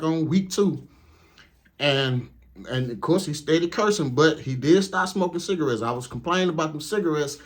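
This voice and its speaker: A man telling a comedic story about his trucking training in a casual, profane, slangy way. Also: a little high. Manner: profane, laid-back, slangy. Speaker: truck driver.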